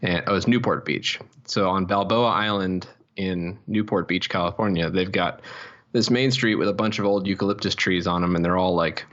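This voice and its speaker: A man's voice: low-pitched, steady tone, normal speed, fairly bright tone, lo-fi sound. A man co-hosting a science podcast, chatting in a laid-back way with dry one-liners. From United States. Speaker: podcast co-host. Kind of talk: casual chat.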